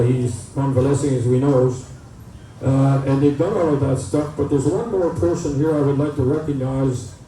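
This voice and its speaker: A man's voice: medium pitch, warm tone. A man, emceeing an event and telling folksy jokes with plenty of uhs. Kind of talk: joke telling at a community event. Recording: echoey PA, distant mic, faint noise.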